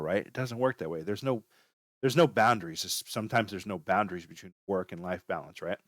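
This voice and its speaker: A man's voice: lowish voice, lively intonation, a little fast, no room sound, clean studio sound. A man talking casually as he gives career advice, rambling and full of fillers. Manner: rambling, filler-heavy, chatty. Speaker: channel host giving career advice.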